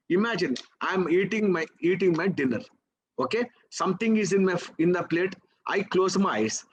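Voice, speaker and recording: In a rough recording with slight background noise, a high-pitched man with an Indian English accent teaches memory techniques live. His coaxing style leans on rhetorical questions to the class and frequent check-ins like "okay?" and "right?"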